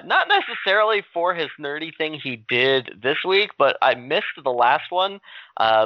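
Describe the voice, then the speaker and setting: A man's voice: medium pitch, no room sound, highs cut off. A man chatting casually on a group podcast, jokey and drawn out, with many fillers. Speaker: podcast co-host.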